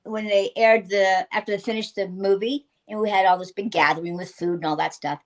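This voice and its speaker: An older woman, a guest actress, telling animated anecdotes in a casual interview and laughing often. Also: medium pitch, brisk.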